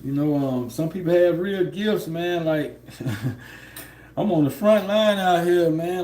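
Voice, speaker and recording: A man's voice: high-pitched, takes it slowly, a little mellow, a little hiss or hum. A man, livestreaming from home, rambling in a laid-back way with lots of fillers and laughs. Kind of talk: casual spiritual monologue.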